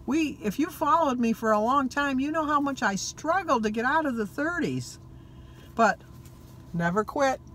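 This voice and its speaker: A woman's voice: sits high, lively intonation, moderate pace, fairly bright tone. An older woman with a Michigan accent, talking casually and poking fun at herself while driving, her throat a little froggy. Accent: Michigan American. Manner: chatty, self-mocking, laughs at herself. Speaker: vlogger. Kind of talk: casual talk to camera. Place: in a car, driving. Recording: noisy car interior.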